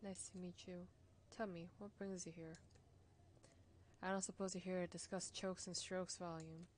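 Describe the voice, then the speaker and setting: A man's voice: sits high, little pitch movement, moderate pace, slight background noise, lightly acted. A woman streamer voicing a middle-aged male French biker who runs a record shop, speaking in a casual, teasing way with a French accent, in a story game.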